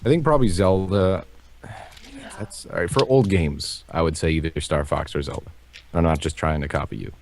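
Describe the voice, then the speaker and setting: A very deep-voiced man hosting a casual live-streamed chat show. He talks loosely and rambles, piling on fillers, and faint hiss and keyboard clicks sit under his voice from a home computer mic. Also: moderate pace, a little mellow. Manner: laid-back, rambling, filler-heavy.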